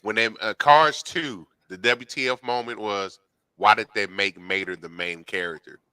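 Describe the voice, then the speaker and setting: A man's voice: on the low side, normal speed, pushed and bright, smooth, no room sound. A man from the South, co-hosting a casual podcast with easygoing, laugh-filled banter. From Alabama, US South. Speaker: podcast co-host.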